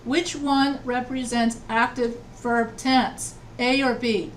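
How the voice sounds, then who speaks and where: A woman writing instructor leads an online class with patient repetition, checking that everyone follows along. Her voice sits a little high and sounds far from the laptop mic. A faint hum runs under the video-call audio. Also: steady tone, slow.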